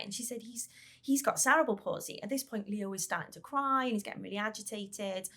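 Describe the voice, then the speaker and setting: The mother of a child with a brain injury speaks on a podcast in a slightly high, sharp voice. Her account comes out haltingly, with repeated words and recalled conversations acted out.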